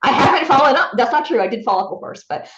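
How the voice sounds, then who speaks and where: A woman voice actor, a guest on an interview show, telling a story in a lively way and acting out other people's lines in bright voices. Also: high voice, fast. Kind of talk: animated anecdote telling. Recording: roomy, slightly dull recording.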